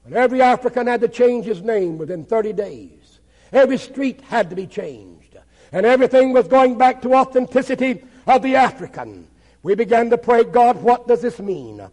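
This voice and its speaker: Man, pastor, impassioned testimony sermon, very high-pitched voice, long hall echo. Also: mellow. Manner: impassioned, dramatic storytelling.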